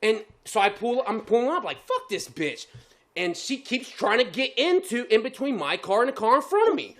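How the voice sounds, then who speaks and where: Brief: male podcast co-host, high voice, swings widely in pitch, swears freely and laughs through the story. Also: brisk. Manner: heavily profane, laughing, animated storyteller. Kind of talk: casual storytelling chat.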